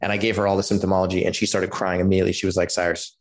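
A man in his forties from California, telling his personal story as a podcast guest in an animated way, acting out quotes and using lots of fillers. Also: deep voice, very fast. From California, USA. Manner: animated storyteller who acts out quotes, many "like" and "you know" fillers.

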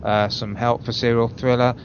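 A man's voice: mid-range voice, little pitch movement, gravelly, slight background noise. Man reading aloud, mock-serious. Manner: theatrical, drawn-out comic reading. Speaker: co-host reading a forum post. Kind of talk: casual radio chat, mock-serious reading. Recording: lo-fi, with music underneath. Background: music playing.

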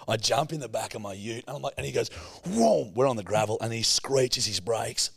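A man's voice: mid-range voice, fast talker, a bit bright, slightly rough, dry recording. A man with an Australian accent, a podcast co-host telling a crude, swearing story in casual chat on a close mic.

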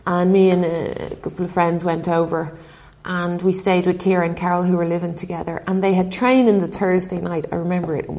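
A woman's voice: fairly low pitch, level tone, fairly quick, a little mellow. A woman, a former goalkeeper, chatting as an interview guest and telling stories, acting out dialogue and laughing often. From Ireland. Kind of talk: casual chat, storytelling.

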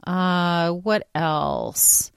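A woman's voice: lowish voice, drawn-out words, creaky, clear, resonant tone, no echo, clean studio sound. A woman hosting her own podcast, talking in a rambling, exasperated way full of fillers. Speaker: podcast host. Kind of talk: casual solo podcast monologue.

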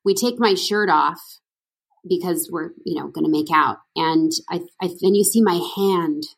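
A woman's voice: on the low side, moderate pace, vocal fry, husky. A woman from Canada, an actress, chatting as an interview guest, laughing often and talking with many fillers and restarts. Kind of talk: casual interview chat.

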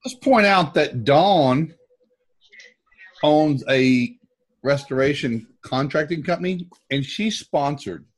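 A man's voice: on the high side, expressive, slow. Man, mid range, earnest member on a call. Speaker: roundtable member. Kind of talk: casual group video call chat. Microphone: video call.

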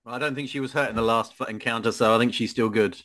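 A man's voice: mid-range voice, steady tone, fast talker, fairly bright tone, dry recording. A man playing in a tabletop game, playful and self-mocking. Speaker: player. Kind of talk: casual play at a tabletop game.

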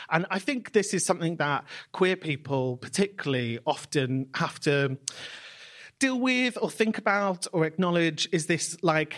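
A man's voice: fairly high pitch, moderate pace, a bit bright. A man hosting a live podcast, effusive and reflective. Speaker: podcast host.

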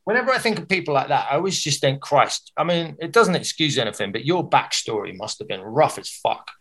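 A man, a comedian telling a long, animated anecdote in casual chat and swearing freely. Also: mid-range voice, brisk. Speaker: comedian guest.

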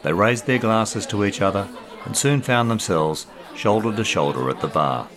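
Deep man reading a story. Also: moderate pace, loud music behind the voice. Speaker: author and narrator.

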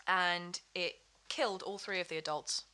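A woman's voice: lowish voice, steady tone, moderate pace, pushed and bright. A woman chatting as a podcast guest, rambling with many fillers and restarts. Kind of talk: casual chat.

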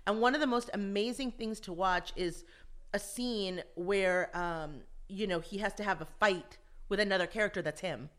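A lively woman guest tells her stories with animation in a relaxed interview. She speaks at a mid pitch. She brings the people in her stories to life as she tells them. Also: moderate pace, clean tone. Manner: animated storyteller, acts out quotes. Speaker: actress and voice actor, guest. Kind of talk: casual interview chat.

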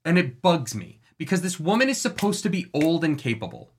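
Podcast cohost going off about a book, super lively pitch, cussing a lot, acts out the characters. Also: a little fast, slight background noise. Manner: impassioned, profane ranting. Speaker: podcast co-host. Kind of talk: casual book discussion chat.

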